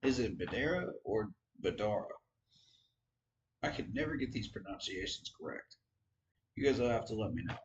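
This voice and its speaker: On a muffled recording, a sports fan vlogger speaks in a lowish, animated voice at a brisk pace. Though tired and yawning, he rambles through candid football commentary on his channel, poking fun at himself.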